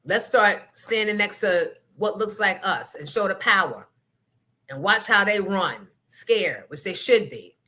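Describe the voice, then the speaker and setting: A woman's voice: medium pitch, expressive, a little slow, bright, forceful tone. A woman hosting a livestream talk show, ranting bluntly with lots of profanity and emphasis. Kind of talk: casual livestream rant.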